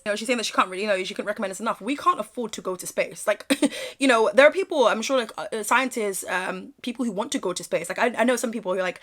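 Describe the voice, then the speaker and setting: A woman's voice: medium pitch, quick pace. A young woman vlogger with a British accent that drifts toward Australian, giving sassy, sarcastic commentary. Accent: British, slipping into Australian. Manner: sassy, sarcastic, animated asides. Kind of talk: casual commentary vlog.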